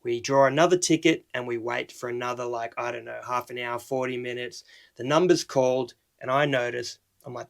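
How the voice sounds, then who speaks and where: A young Australian man casually shares a story on his vlog, his mid-range voice brisk and gravelly. He's animated, acting out the lines of people he met and quoting their dialogue.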